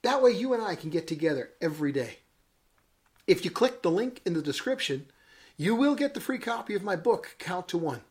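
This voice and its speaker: A man's voice: sits high, big pitch swings, a little fast. A man, a bishop, giving a daily devotional message, telling a story with dramatic emphasis and chuckling at his own jokes.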